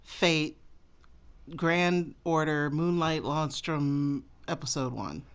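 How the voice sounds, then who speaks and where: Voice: medium pitch, takes it slowly, clean tone. A podcast co-host chatting casually, making dry, teasing quips. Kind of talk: casual chat. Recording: dull lo-fi podcast audio.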